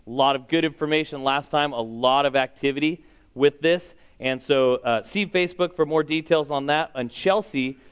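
A man's voice: fairly high pitch, normal speed, clear, resonant tone. A man giving church announcements in an upbeat, joking way and leading a short prayer.

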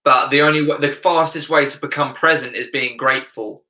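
Earnest man with a bright voice in an echoey room. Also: mid-range voice, fairly even intonation, a little fast. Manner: earnest, reflective, searching for words. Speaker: guest, life coach. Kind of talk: casual interview chat.

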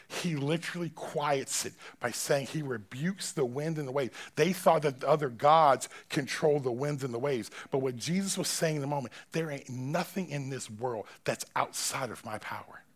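A male pastor preaching a sermon in a church, swinging between loud, forceful preaching and quiet, close talk in casual, slangy phrasing. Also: mid-range voice, normal speed, few pauses. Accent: Southern American.

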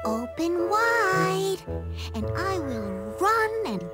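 A woman's voice: very high voice, sing-song, drawn-out words, pitched above the performer's own voice, heavily acted. A woman voicing a clever little female lamb in a storybook reading, with a bleating sing-song voice over music. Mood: coaxing.

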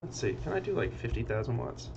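A man's voice: medium pitch, very animated, quick pace, gravelly. A man streaming casual chat, rambling about games and muttering to himself as he works on a computer. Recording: slightly dull lo-fi audio with faint noise.

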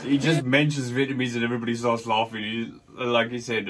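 A man's voice: medium pitch, level tone, fairly quick, recorded from a distance, background noise. Casual male reactor, off-mic. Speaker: reaction video host.

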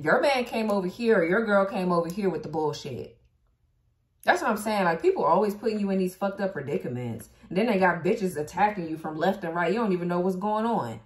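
A woman's voice: mid-range voice, expressive, fairly quick, roomy sound. A woman giving a casual tarot reading, blunt and profane, who laughs and talks back to the cards as she goes. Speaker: tarot reader.

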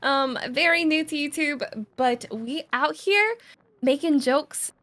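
High, bright, giggly woman streamer. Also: takes it slowly. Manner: giggly, goofy, rambling jokes. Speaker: streamer, guest co-player. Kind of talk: casual gaming chat.

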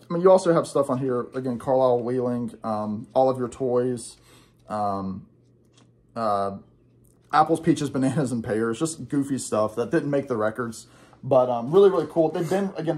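A man's voice: mid-range voice, moderate pace, a little mellow. A young man chatting casually and rambling enthusiastically, with lots of fillers, about records he bought. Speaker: guest record collector.

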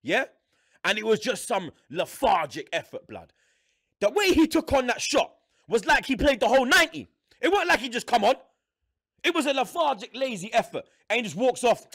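A man's voice: very high voice, sing-song, moderate pace, fairly bright tone. A man, ranting about his team in a played fan video, exasperated and swearing. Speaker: football fan in a played clip.

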